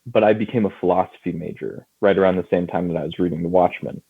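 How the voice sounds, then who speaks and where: A man in his thirties from California, a guest on a podcast, telling his story in a lively way and laughing often. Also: low-pitched, quick pace, gravelly, breathy edge. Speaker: guest comic writer and publisher. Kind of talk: casual podcast chat. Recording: tinny phone-like line.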